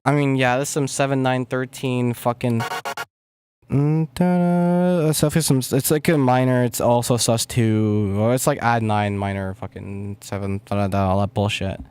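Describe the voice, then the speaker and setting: A man's voice: mid-range voice, fairly even intonation, normal speed, hardly any pauses, a little mellow, clear, resonant tone. A young man talks casually on a music-making livestream, rambling and swearing under his breath. He trails off and mumbles between thoughts as he clicks away at his desk mic. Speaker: music producer streaming.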